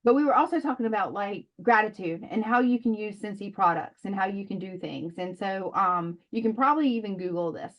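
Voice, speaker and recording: A woman's voice: medium pitch, a little fast, few pauses, highs cut off. A woman in casual chat, talking in a chatty way with lots of fillers over a video call. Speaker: direct sales consultant.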